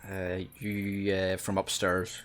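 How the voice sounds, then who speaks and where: A man's voice: deep voice, monotone, slow, fairly bright tone, soft background music. A man narrating as game master of a tabletop game, hesitant, full of ums and restarts.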